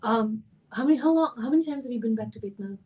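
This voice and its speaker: A woman hosting an interview who asks curious follow-up questions and backs the guest up with quick agreement. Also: a little high, expressive, breathy edge, dull audio. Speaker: interview host. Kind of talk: casual interview chat. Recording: distant mic with faint background noise.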